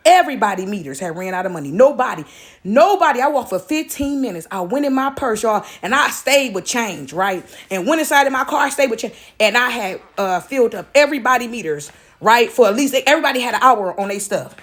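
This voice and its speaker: Brief: woman, high voice, animated casual storyteller talking straight to camera. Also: a little fast. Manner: animated, emotional, talks straight to viewers. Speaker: vlogger telling a personal story.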